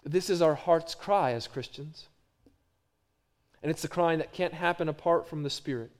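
High-voiced man preaching a sermon. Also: normal speed. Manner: varies from hushed to loud, repetitive emphatic phrasing. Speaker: pastor.

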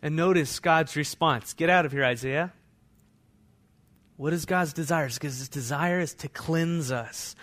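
A pastor preaching a sermon, moving between hushed, intimate passages and loud, fervent scripture readings. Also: male voice, a little high. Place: church.

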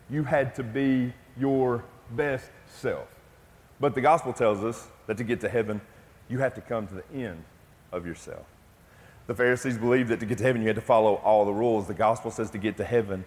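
A middle-aged man preaching a sermon as pastor, telling a personal story in a conversational way before speaking of the gospel. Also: mid-range voice. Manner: storytelling, conversational, then hushed and intimate in prayer. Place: church sanctuary. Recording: long church reverb.

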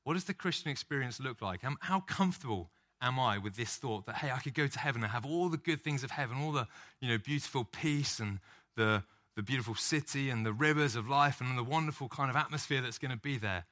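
A man delivers a sermon in an earnest, heartfelt way, pressing his points with rising fervor. His voice has a bright, forward ring at an ordinary middle pitch. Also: a little fast. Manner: earnest, builds to impassioned emphasis. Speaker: pastor.

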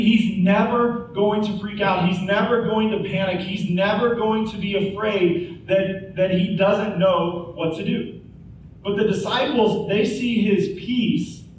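A man's voice: high-pitched, a little hiss or hum. A man in his forties preaching a sermon in a church, earnest and conversational, with rhetorical questions. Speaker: pastor. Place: church sanctuary. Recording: echoey hall, speaker far from mic.

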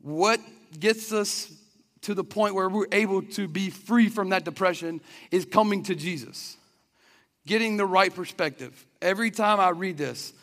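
A man's voice: sits high, normal speed, a bit bright. A man preaching a sermon in an earnest, conversational way, often restarting his sentences. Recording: long reverb of a hall.

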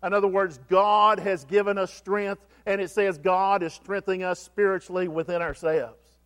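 A man's voice: high voice, steady tone, moderate pace, fairly bright tone, clear, resonant tone. A man preaching a sermon as pastor, asking the congregation questions and repeating key phrases for emphasis. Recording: long hall reverb.

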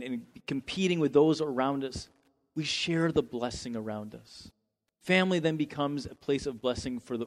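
A man preaching a sermon with animated delivery, often repeating words and restarting his sentences, then leading a closing prayer. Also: medium pitch. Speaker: pastor. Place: church sanctuary. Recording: long hall reverb.

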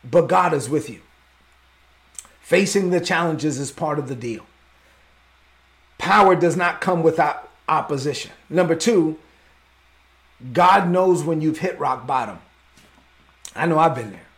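A man's voice: a little high, animated, a little slow, pauses often, a bit bright. A man preaching a sermon as pastor, fervent and openly emotional.

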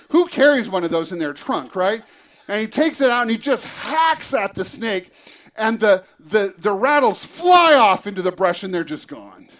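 High-voiced man preaching with a story. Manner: lively storyteller, acts out the scene. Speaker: pastor. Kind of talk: sermon with personal story. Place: church.

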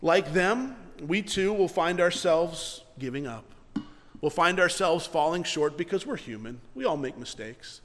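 A man's voice: fairly high pitch, expressive, measured pace. Earnest preaching man in a hall. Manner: earnest preaching, swings from loud to quiet, ends in prayer. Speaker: pastor. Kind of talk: sermon.

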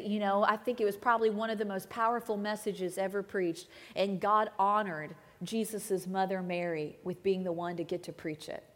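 A woman guest preacher delivering a conversational sermon, swinging between emphatic lines and hushed asides. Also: mid-range voice. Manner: conversational, dramatic shifts between loud and hushed. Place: church sanctuary. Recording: long hall reverb.

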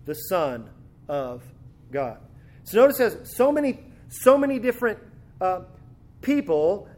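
High-voiced male preacher. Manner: conversational preaching with frequent restarts. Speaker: pastor. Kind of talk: sermon.

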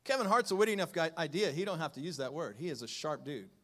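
Male pastor, sermon delivery, high-pitched, teasing humor with emphatic outbursts. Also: expressive, fast. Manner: joking, swings from low asides to loud emphatic lines.

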